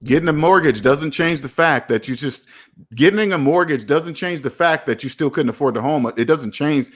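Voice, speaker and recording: A slightly high-voiced man at a moderate pace fields viewer comments on his live personal finance stream. His replies are blunt and animated, and he acts out the people he quotes.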